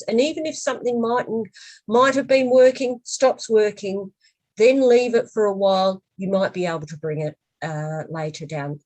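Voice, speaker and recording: A woman's voice: medium pitch, darkish tone, low-quality recording. A woman presenting a webinar who answers questions hesitantly, with frequent ums and restarts, and tells an anecdote.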